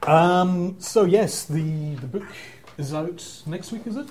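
A man's voice: high-pitched, slow pace, a little mellow. A man hosting a podcast, chatting casually and joking with his guest. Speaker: podcast host.

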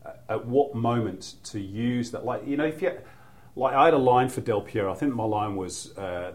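Here a middle-aged man from the Mancunian-accent mould, a football commentator, talks casually as a podcast guest, drifting through anecdotes with frequent "you know"s and restarts. His voice is mid-range and darkish, at a normal speed.

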